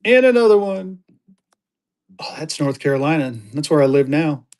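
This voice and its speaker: Man from Colorado, high voice, selling live on stream with quick, excited auction patter. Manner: upbeat, rapid-fire adding items, gets excited.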